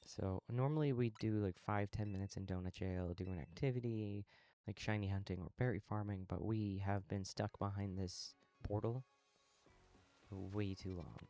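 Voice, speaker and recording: This is a man with a lowish voice, live-streaming a game and talking casually to his viewers as he plays. He sounds relaxed and a touch sleepy. Quiet game music runs faintly behind him. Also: moderate pace. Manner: relaxed, talks to chat while playing, yawning. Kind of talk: casual live-stream chat while gaming.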